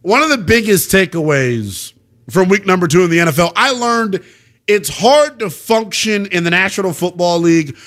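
Young male sports-talk host, animated and slangy, voice pitched a bit high. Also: moderate pace. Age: young adult.

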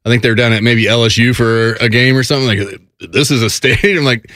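A man co-hosting sports radio, joking and tossing in quick remarks. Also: medium pitch, little pitch movement, fairly bright tone, no echo, studio quality. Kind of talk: casual sports radio chat.

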